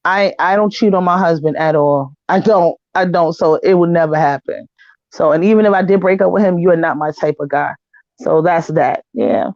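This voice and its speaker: With a lowish voice and moderate pace, this panel guest tells animated stories bluntly and with swearing, voicing other people's words in a heated, casual tone. Recorded on a home setup in her living room, the sound is dry, close, a bit dull and lo-fi, without echo.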